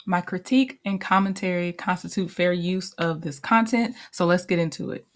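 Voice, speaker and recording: A woman's voice: fairly low pitch, normal speed, a little hiss or hum. A woman hosting a commentary video, retelling a story in a chatty way. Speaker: commentary host.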